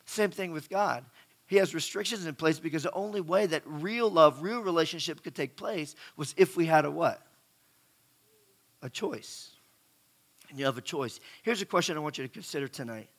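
A man's voice: a little high, lively intonation, moderate pace, fairly bright tone. A middle-aged man preaching a sermon, chatty and asking the audience questions, often repeating words as he goes. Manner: conversational, asks the crowd questions, repeats words.

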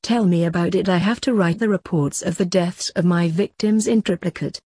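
A woman's voice: on the low side, normal speed, darkish tone, breathy edge, no room sound, clean studio sound. A woman voicing a sardonic young reaper prince. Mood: mocking. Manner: mocking, offhand.

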